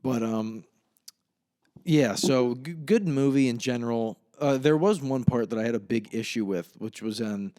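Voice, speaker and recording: A man's voice: medium pitch, normal speed, warm tone. Rambling, profane young man on a podcast. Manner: rambling, profane, laughs at his own retelling. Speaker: podcast host. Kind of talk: casual solo podcast chat.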